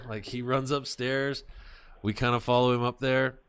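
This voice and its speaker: A man hosting a podcast, chatting casually and telling animated, profane stories. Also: medium pitch, normal speed. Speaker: podcast host. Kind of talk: casual chat.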